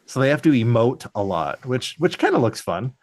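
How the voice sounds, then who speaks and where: A man's voice: medium pitch, very animated, normal speed, darkish tone, no echo. A man co-hosting a podcast, recapping a film in rambling casual chat with lots of fillers. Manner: rambling, filler-heavy storytelling. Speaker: podcast co-host.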